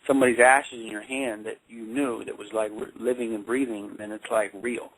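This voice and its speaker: A man working as a life coach and counselor, telling a personal story in a phone interview with halting speech and frequent repeated words. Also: on the low side, flat delivery, a bit bright, dry recording, rough recording.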